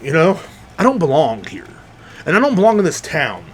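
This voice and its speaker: Animated rambling man, podcast host. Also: a little high, a little fast, slightly rough. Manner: rambling, animated, acts out quoted people. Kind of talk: casual monologue.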